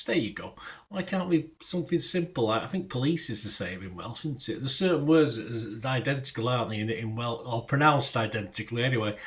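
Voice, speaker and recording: A middle-aged British man rambling casually through the week's TV listings, with digressions and chatty asides. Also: medium pitch. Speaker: TV listings reviewer. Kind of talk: casual TV guide chat.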